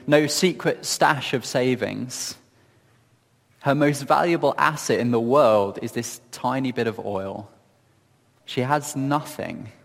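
A man giving reflective Bible teaching in a gentle, earnest storytelling manner, often asking questions of his listeners. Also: medium pitch, gravelly, big-room sound. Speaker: preacher.

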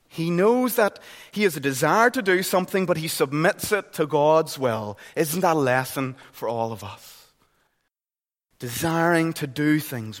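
A middle-aged Northern Irish preacher delivers an earnest, conversational sermon, often restarting his phrases. His voice sits a little high. The church hall adds a long, lingering reverb. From Northern Ireland.

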